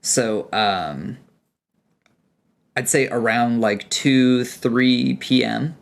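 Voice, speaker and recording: A man's voice: medium pitch, very slow, vocal fry. Young male game master, loose and chatty narration. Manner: rambling, with many fillers.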